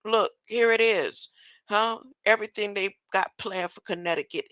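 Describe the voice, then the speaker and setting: An older woman rambles through a loose online monologue, her voice bright and forward. She keeps tossing in "huh?" and little chuckles, and the sound is close and dry. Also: mid-range voice, moderate pace, no room sound, dull audio. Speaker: online commentator.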